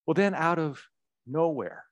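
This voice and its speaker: A man's voice: fairly high pitch, unhurried, no echo. Man telling a campaign story, dry sound. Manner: animated storyteller who repeats words as he goes. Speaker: political ad maker, guest. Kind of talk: anecdotal storytelling in an interview.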